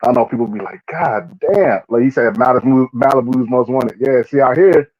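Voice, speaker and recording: A man's voice: medium pitch, steady tone, a little fast. A man hosting a casual live show, talking in a laid-back way with many filler sounds. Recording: dull lo-fi audio.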